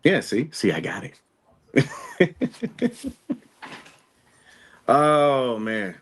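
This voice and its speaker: A man hosting a casual podcast, relaxed and prone to repeating his phrases. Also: mid-range voice, very slow, husky. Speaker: podcast host. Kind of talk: casual chat.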